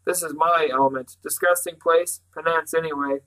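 A man's voice: fairly high pitch, fairly even intonation, moderate pace, pushed and bright, rough recording. A man reading a firm, curt old professor. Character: gruff, commanding old great-uncle professor.

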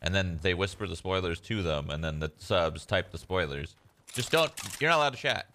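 A man's voice: low-pitched, expressive, brisk, sharp tone, slight background noise. A man streamer ranting sarcastically to his chat. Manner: sarcastic, complaining.

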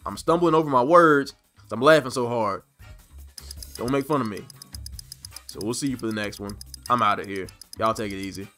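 A man, hosting a gaming video and rambling through a relaxed, laughing sign-off with lots of fillers; his throat is sore from laughing. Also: mid-range voice, moderate pace, pauses often, soft background music. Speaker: gaming channel host. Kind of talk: casual gameplay commentary.

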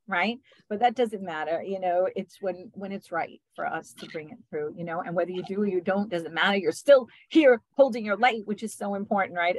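A woman's voice: mid-range voice, no echo, rough recording. Affectionate woman hosting a video call. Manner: gentle, affectionate, sprinkles in tag questions and soft laughs. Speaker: spiritual session host. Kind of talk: casual group video call talk.

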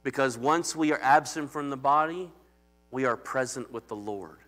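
A man's voice: mid-range voice, moderate pace, a bit bright. A man preaching as pastor in a conversational, emphatic sermon that calls out to the congregation.

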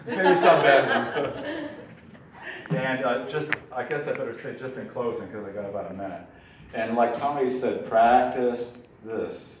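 A man teaching a puppetry workshop in a relaxed, chuckling way, demonstrating as he goes. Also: medium pitch, normal speed. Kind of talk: informal workshop lesson. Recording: echoey hall from far off, faint ambient noise.

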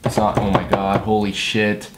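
A man making a beat against the clock in a comedic vlog, talking himself through it with loud, profane chatter and mock-dad jokes. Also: lowish voice, moderate pace. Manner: hyper, profane self-talk while working; jokey mock-dad banter. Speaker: music producer. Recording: echoey room with steady noise.

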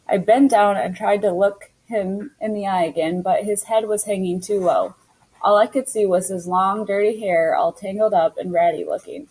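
A woman reading a children's novel aloud in an unhurried way, now and then stumbling and correcting herself. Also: mid-range voice, warm tone, husky, poor audio.

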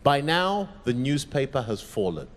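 A male pastor telling a story in a sermon, dramatic and vivid, dropping to a hush at moments. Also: medium pitch, very animated, unhurried. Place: large church. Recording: echoey church hall.

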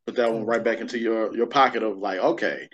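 A man's voice: fairly low pitch, fairly even intonation, fast, fairly bright tone. Laid-back man host, muffled audio. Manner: laid-back, easy slang. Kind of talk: casual interview chat. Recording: dull lo-fi audio.

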